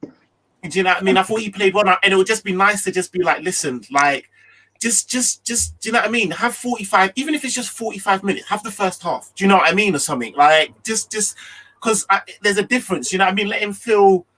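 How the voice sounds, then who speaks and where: A man hosting a football chat, animated and constantly checking in with his listeners. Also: sits high, quick pace, low-quality recording. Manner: animated, keeps asking "do you know what I mean". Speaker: football podcast host. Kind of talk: casual chat.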